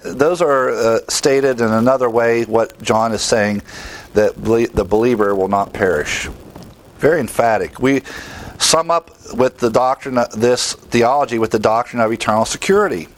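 A man's voice: fairly low pitch, low-quality recording. A man giving an expository Bible lesson, emphatic and explanatory, rattling off verse references between his points. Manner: emphatic, rapid verse citations. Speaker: Bible teacher.

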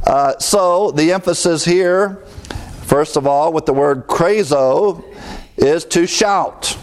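A man preaching an expository sermon, talking to the congregation in a conversational way and swelling louder on key words. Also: fairly high pitch, unhurried. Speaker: pastor.

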